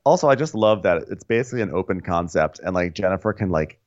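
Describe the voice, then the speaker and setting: Sarcastic guy recapping reality tv, lively pitch, kinda muffled sound. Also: fast. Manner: wry, sarcastic. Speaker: podcast co-host. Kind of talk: comedic recap chat.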